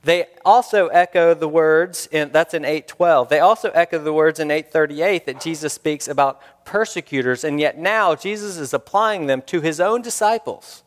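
A man's voice: on the high side, moderate pace, few pauses. A man preaching a sermon, earnest and searching, asking the congregation questions and repeating key lines for emphasis. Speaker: pastor. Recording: long hall reverb.

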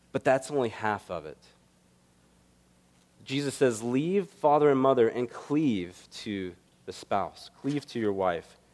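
A man's voice: medium pitch, darkish tone. A man preaching a sermon in an earnest, conversational way, mixing teaching with stories. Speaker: pastor.

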